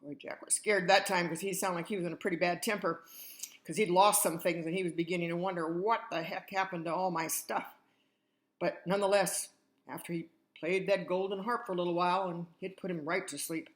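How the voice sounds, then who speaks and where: Talking straight to the children, an older woman spins a fairy tale in a chatty, grandmotherly way. She speaks a little fast in a lowish voice with fairly even intonation.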